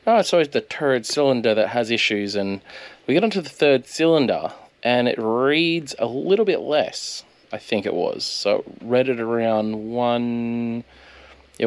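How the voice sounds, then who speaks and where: Laid-back Australian man narrating. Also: medium pitch. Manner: laid-back, chatty, recounting events. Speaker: channel host. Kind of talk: casual voice-over narration.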